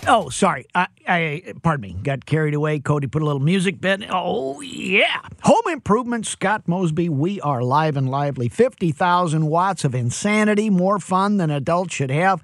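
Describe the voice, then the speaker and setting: A man's voice: a little high, moderate pace, few pauses, no echo, soft background music. A man hosting a live radio call-in show on home repair, upbeat and chatty, with plenty of "you know" and playful jokes, speaking into a studio microphone. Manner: energetic, jokey, chatty with fillers.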